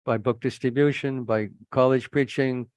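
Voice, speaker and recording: A man's voice: mid-range voice, steady tone, normal speed, a little mellow, smooth, no echo. Earnest admonishing male preacher. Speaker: preacher, monk. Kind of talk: sermon with anecdotes.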